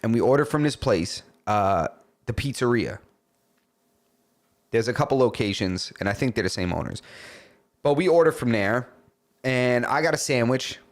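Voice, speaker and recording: A man's voice: medium pitch, moderate pace, long pauses. A man co-hosting a podcast, telling a story in casual chat, swearing and acting out the other people's lines. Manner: animated, swearing, acts out dialogue. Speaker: podcast co-host.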